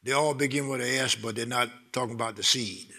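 A middle-aged man preaching a sermon, excitable, repeating words and building to loud bursts with laughter. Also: mid-range voice, fast talker, slightly rough.

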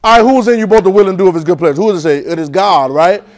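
Man, preacher, high voice, call-and-response sermon, loud then hushed. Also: racing. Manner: call-and-response, urging the congregation to repeat; swings from loud exhortation to soft near-whispers.

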